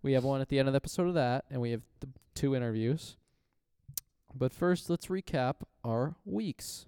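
Smooth-voiced male podcast co-host. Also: mid-range voice, normal speed, dark tone, no room sound, clean studio sound. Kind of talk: casual podcast chat.

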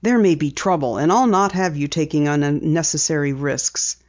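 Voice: mid-range voice, normal speed, a little mellow, natural voice. A reader voicing a middle-aged newspaper editor and father in a storybook reading, speaking sternly and a little irritably. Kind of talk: audiobook character reading. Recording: dull lo-fi recording.

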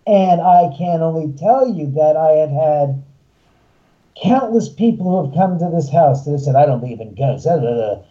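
A man, a haunted house owner and filmmaker, telling an animated story and acting out the voices of the people in it. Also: fairly high pitch, moderate pace, lo-fi sound. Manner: acts out quoted voices, excitable.

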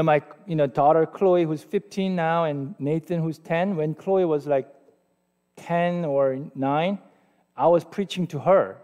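Long hall reverb surrounds a slightly high, mellow male voice. The speaker, a forties-aged pastor with a Korean accent, preaches informally, pokes fun at himself, and asks his listeners questions.

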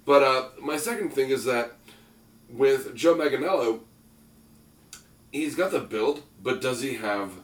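A man's voice: medium pitch, unhurried, long pauses. A man co-hosting a casual chat, joking and rambling with lots of "like". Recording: roomy echo, distant mic.

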